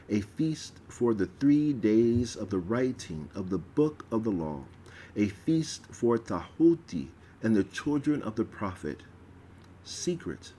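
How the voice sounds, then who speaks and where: Slow, measured male reader. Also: fairly low pitch, a little mellow, a little hiss or hum. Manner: slow, measured reading with stumbles. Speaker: reader of a religious text. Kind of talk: reading aloud a ritual text.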